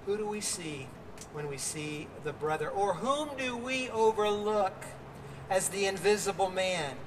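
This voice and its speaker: A man's voice: sits high, expressive, measured pace, long reverb tail, recorded from a distance, background noise. An older man preaching a sermon outdoors as pastor, earnest, with fillers and restarts.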